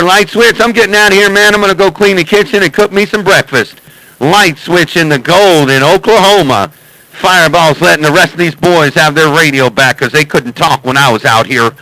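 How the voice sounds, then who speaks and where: High bright-voiced guy joking around on cb radio, keeps calling out handles. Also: no echo, poor audio. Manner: teasing, repeats calls like "hey, Sandman". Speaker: CB radio operator streaming live. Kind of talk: casual radio chatter.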